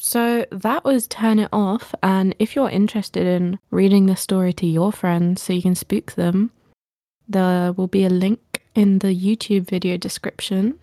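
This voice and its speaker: A woman's voice: medium pitch, steady tone, unhurried, hardly any pauses, mellow, no room sound, studio quality. A woman co-hosting a podcast in casual chat, chatty and laughing often. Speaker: podcast co-host.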